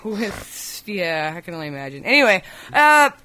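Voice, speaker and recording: A woman's voice: fairly low pitch, big pitch swings, normal speed, bright, forceful tone. A woman co-hosting a podcast, telling a rambling, profane story in casual chat. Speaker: podcast co-host.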